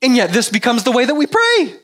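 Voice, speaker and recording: A man preaching a casual sermon, halting with restarts and fillers, animated when he mimics repetitive prayer. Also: extremely high pitch, slight background noise. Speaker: pastor.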